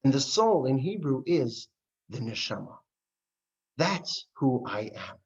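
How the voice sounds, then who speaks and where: A man, a rabbi, teaching an adult class, asking rhetorical questions and telling stories with lively voices. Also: mid-range voice, slow. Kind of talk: adult education lesson. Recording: dull lo-fi recording.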